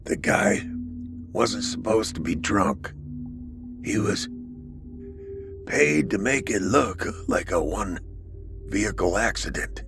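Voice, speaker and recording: A man voicing a frail, dying male inmate with a croaky voice, speaking slowly in a hushed near-whisper. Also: lowish voice, expressive, over music, voice pushed up, exaggerated voice. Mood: strained, confessing.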